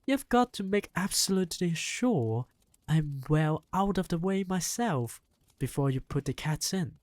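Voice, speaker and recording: Reader doing a high, eager boy-mouse for an audiobook, breathless exclamations, dry close sound. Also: lively intonation, unhurried, no echo, lightly acted. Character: excitable young boy turned into a mouse. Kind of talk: audiobook reading.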